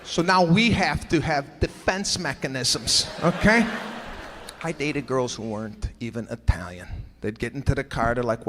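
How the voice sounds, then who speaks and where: A male stand-up comedian telling animated, exasperated stories, breaking into shouted punchlines. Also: mid-range voice, normal speed, noisy background. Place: large live comedy venue. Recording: live stage with hall echo and crowd.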